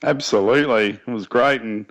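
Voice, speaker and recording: A man's voice: mid-range voice, moderate pace, a bit bright. An Australian man co-hosting a sports podcast, with an easygoing, jokey way of talking. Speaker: podcast co-host. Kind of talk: casual sports chat. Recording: dull lo-fi recording.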